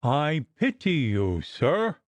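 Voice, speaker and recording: A man's voice: fairly high pitch, big pitch swings, slow pace, no echo, voice pushed up. A man reading the part of an irritable, sneering male doctor who scolds with biting scorn. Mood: scornful.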